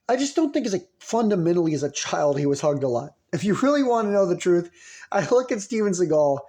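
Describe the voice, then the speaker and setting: A man's voice: high-pitched, expressive, fairly quick, warm tone. A man riffing in a comedic monologue, rambling and sarcastic, bouncing between ideas. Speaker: podcast host.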